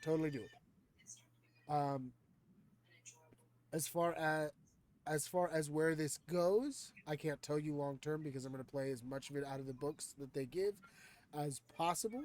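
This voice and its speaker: Guy gm chatting loose, kinda higher voice, jokey and swears a lot. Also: normal speed, long pauses, a little mellow. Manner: laid-back, joking, swears freely. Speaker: game master. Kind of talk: casual tabletop session chat.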